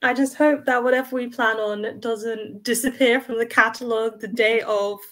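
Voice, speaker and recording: A woman co-hosting a casual film chat, self-mocking and animated when retelling. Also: a little high, normal speed. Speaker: co-host.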